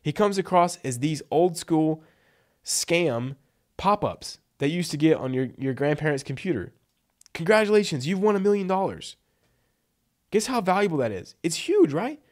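A man's voice: a little high, big pitch swings, normal speed. A man giving blunt, emphatic copywriting advice in a casual vlog, tossing in "like" and "right?" as he goes. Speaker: freelance copywriting coach.

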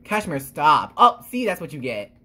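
A woman voicing a bossy, teasing pet companion who scolds in a husky voice. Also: deep voice, big pitch swings, moderate pace, sharp tone, full character voice. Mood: scolding.

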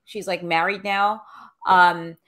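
A woman's voice: lowish voice, fairly even intonation, takes it slowly, fairly bright tone. A woman guest in casual podcast chat, blunt and profane, talking with lots of fillers over a video call.

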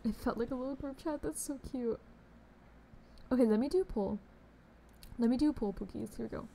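A woman's voice: on the high side, a little fast, vocal fry, mellow. A young woman chatting casually on a game live stream, bubbly and chatty, greeting viewers with pet names. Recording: faint background noise.

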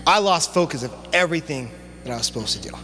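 A young man preaching a sermon as youth pastor, telling stories in a casual, animated way with relaxed slang. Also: fairly high pitch, fast talker. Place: church sanctuary. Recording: long church hall reverb, faint hum.

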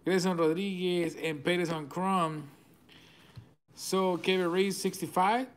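Excited venezuelan man opening cards. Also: high-pitched, smooth. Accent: Venezuelan Spanish. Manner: rapid-fire listing of cards, excitable, chuckling. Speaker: card break host. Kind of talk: live card-opening commentary.

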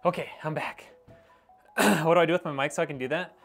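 Soft music plays behind a man whose slightly high, gravelly voice has a fairly bright tone and fairly even intonation. Speaking briskly into a wireless clip-on mic, he rambles and chats with his live-stream viewers, addressing them as "y'all" while building a PC and sounding a bit winded.

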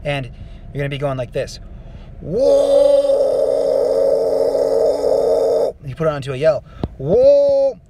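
A man giving a casual singing lesson, explaining vocal technique in a relaxed, rambling way with many fillers. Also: mid-range voice, racing, heavy background noise. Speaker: vocal coach.

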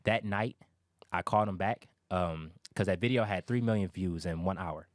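A man telling a story as a guest on a talk show, animated and acting out other people's lines. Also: low-pitched, moderate pace, no echo, clean studio sound.

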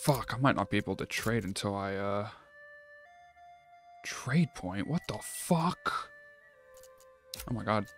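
A man giving casual let's-play commentary, thinking aloud, swearing often and getting excited. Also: lowish voice, takes it slowly, pauses often. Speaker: gameplay streamer. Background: game music.

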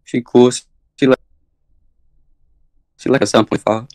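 A man's voice: medium pitch, fairly even intonation, unhurried, a little mellow, dry recording. A man calling into a stream on his phone, answering in a few laid-back words. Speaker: caller.

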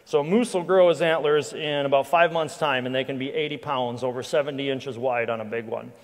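A man, a hunting guide and guest speaker, telling a lively anecdotal story to a church audience, with frequent restarts. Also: mid-range voice, brisk. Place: church hall with live audience. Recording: long reverb of a large hall.

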